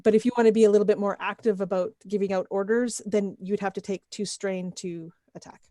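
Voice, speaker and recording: A woman's voice: medium pitch, fairly even intonation, fairly quick, mellow, no echo. A woman game master talks players through rules and damage totals step by step, patient and methodical. Her voice sits in a mid register. The sound is dry and close, with no room around it. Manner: patient, checks numbers step by step. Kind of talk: running a tabletop game, explaining rules.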